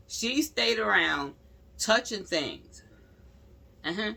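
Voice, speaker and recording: A woman's voice: mid-range voice, measured pace, pauses often. A woman giving blunt, slangy true-crime commentary straight to her viewers, repeating phrases for emphasis. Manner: talks straight to viewers, animated. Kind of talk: casual spoken commentary.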